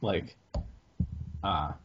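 A man's voice: extremely slow, highs cut off, over a noisy crowd. A man, co-hosting a podcast in casual chat and rambling through hesitant restarts. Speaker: podcast co-host.

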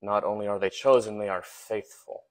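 Low-voiced man preaching a casual sermon. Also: fairly even intonation, normal speed. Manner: informal, with frequent fillers and repeated words; asks the listeners rhetorical questions. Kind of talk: conversational sermon.

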